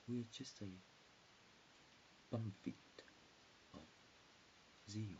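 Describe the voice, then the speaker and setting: A man's voice: on the low side, warm tone. Rambling man drifting into whispers. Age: 40s. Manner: disjointed stream-of-consciousness, often drops into whispers. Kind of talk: rambling monologue. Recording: dull hissy lo-fi recording.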